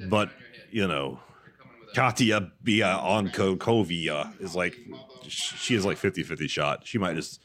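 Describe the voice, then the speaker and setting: A man co-hosting a podcast, chatting casually over a movie in a crude, meandering, halting way. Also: low voice, a bit bright. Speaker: podcast co-host.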